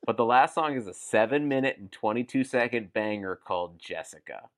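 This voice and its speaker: A man's voice: medium pitch, animated, fairly quick. A man co-hosting a comedy podcast, joking and reading text aloud in casual chat. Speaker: podcast co-host.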